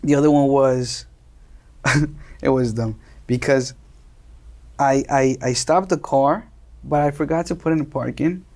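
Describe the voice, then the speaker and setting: A young man from Colombia, a native Spanish speaker, telling casual stories as an interview guest, animated and laughing often. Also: mid-range voice, measured pace, long pauses. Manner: animated, laughing, acts out quoted voices. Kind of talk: casual storytelling.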